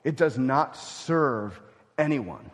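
A man preaching a sermon as pastor, swinging from loud emphatic lines to hushed, near-whispered ones. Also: mid-range voice, animated, slow pace, long reverb tail.

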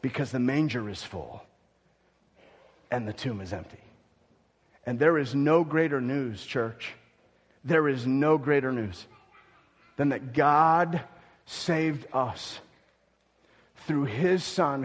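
Emphatic preacher in a reverberant hall. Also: male voice, medium pitch, takes it slowly, long pauses, husky. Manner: emphatic, repeats key phrases. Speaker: pastor. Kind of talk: sermon. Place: church hall.

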